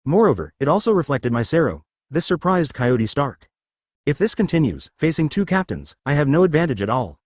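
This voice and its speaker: A man reads a story aloud in steady scripted narration. His pitch is mid-range but lively, rising and falling throughout. The sound is dry and close, with no room echo. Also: a little fast.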